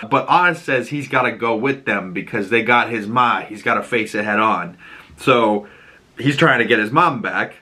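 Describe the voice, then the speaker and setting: A man hosting a podcast who gives a casual, excitable recap of a TV episode, often laughing and using lots of filler words. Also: lowish voice. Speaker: podcast host.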